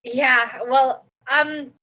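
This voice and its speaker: A woman's voice: sits high, sharp tone, full character voice. A woman voicing Laura, a nervous young woman on an awkward dinner date, hesitant and giggly. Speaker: player voicing her character. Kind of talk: improvised tabletop role-play.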